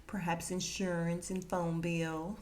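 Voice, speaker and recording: Brief: lively female podcast host, slightly low voice, casual chatty recap. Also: takes it slowly, a little hiss or hum. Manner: animated, chatty, laughs often.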